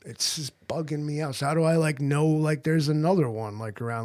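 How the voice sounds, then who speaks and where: A man's voice: on the high side, brisk, few pauses, darkish tone. A man rambling through an improvised comedy livestream, crude and loose, leaning on "like" and "you know".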